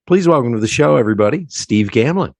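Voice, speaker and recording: A man from South Central Pennsylvania hosting a casual podcast interview, chatty and quick to laugh. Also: mid-range voice, animated, creaky, darkish tone, no room sound. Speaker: podcast host.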